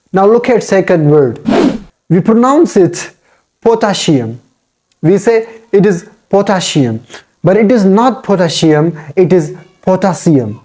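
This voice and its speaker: Mellow-voiced man teaching pronunciation. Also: sits high. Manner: repetitive, drills each word aloud. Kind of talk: instructional talk.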